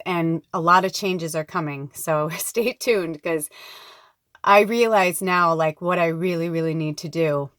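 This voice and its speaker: A woman's voice: on the low side, fairly bright tone, no echo, clean studio sound. A woman talking to her viewers in a rambling, heartfelt personal vlog, moving between laughter and near tears. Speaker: spiritual vlogger.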